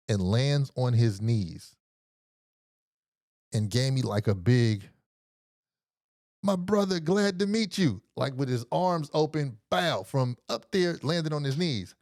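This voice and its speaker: A middle-aged man hosting a podcast, telling a story in a casual, slangy and profane way, animated as he retells it. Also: mid-range voice, no room sound, studio quality. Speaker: podcast host.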